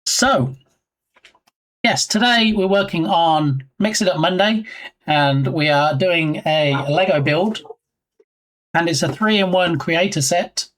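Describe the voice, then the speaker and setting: A man's voice: on the high side, slow pace, fairly bright tone. A man streaming live and chatting casually with his viewers in a playful, teasing way. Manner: playful, jokey, teasing chat.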